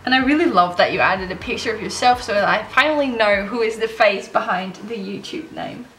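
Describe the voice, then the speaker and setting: A woman vlogger chatting casually to camera as she opens fan mail, gushing and excitable. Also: mid-range voice, a little fast, soft background music. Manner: gushing, excitable, gasps and laughs often. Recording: echoey room with faint noise.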